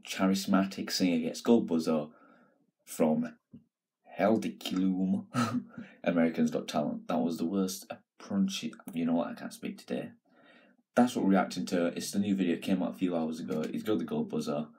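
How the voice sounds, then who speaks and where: A man's voice: low-pitched, brisk, a little mellow. A man hosting a casual reaction video, chatty and laughing, stumbling over names as he talks.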